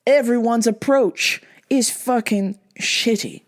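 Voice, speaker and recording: Exasperated woman telling a story. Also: slow pace. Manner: exasperated, incredulous retelling of family arguments; acts out quoted dialogue with shifts in pitch. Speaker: podcast host. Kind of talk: casual storytelling monologue.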